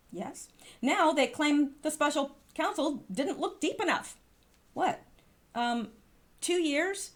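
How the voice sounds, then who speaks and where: A woman commenting on political posts in casual talk, sarcastic and full of rhetorical questions, with many fillers and asides. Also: high voice. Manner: sarcastic, talks back to absent figures with rhetorical questions.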